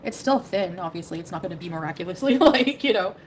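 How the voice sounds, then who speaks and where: Fast-talking rambling woman streamer. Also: lowish voice, animated, slight background noise, poor audio. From Canada. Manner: rambling, hedging speech. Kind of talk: casual livestream chat.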